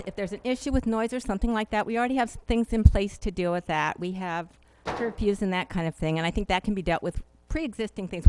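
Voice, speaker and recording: A woman giving an earnest, emotional public comment at a city council meeting, halting now and then with fillers, into a podium microphone. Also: on the low side, darkish tone, dry recording, rough recording.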